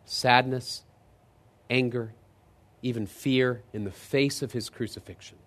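Man preaching with animated, shifting delivery. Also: mid-range voice, measured pace. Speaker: pastor. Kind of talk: sermon.

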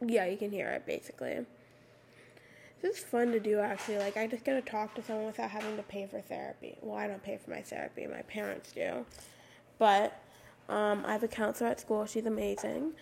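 A teenage girl hosting her own podcast, raspy with a slight lisp on her s sounds, rambling casually with lots of "like" fillers into a USB microphone. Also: mid-range voice, steady tone, quick pace, a little mellow, a little hiss or hum. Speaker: podcast host. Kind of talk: casual solo podcast talk. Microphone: USB microphone at a computer.

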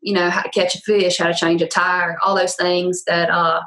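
Guest: young Southern woman with a thick Louisiana drawl, lively, laughing, casual podcast chat. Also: lowish voice, normal speed, low-quality recording. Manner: laughs often, animated storytelling. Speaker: country singer-songwriter guest.

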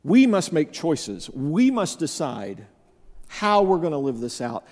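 A man preaching a sermon with a slightly raised pitch and an emphatic delivery, slowing down to press home his key phrases. His voice carries a long reverb, as if it were filling a large hall. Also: sing-song, a little mellow. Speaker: pastor.

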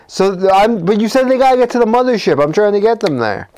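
Energetic man rambling through a story. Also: high voice, quick pace. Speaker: podcast co-host. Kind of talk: improvised comedy storytelling.

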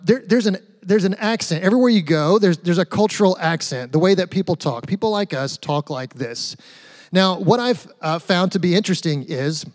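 A man preaching a conversational sermon, asking his listeners rhetorical questions and adding light humor. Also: high-pitched. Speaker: pastor. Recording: long reverb of a large hall.

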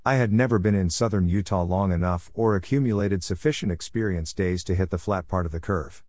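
Guy reading his own story aloud, low voice, measured and wry, dry close sound. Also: a little mellow, dry recording. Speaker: narrator.

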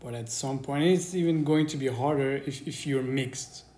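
A man's voice: mid-range voice, normal speed, mellow. A young man co-hosting a podcast, talking thoughtfully at length and laughing at his own points. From immigrant raised in Germany. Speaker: podcast co-host. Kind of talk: casual podcast chat. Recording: echoey room with faint noise.

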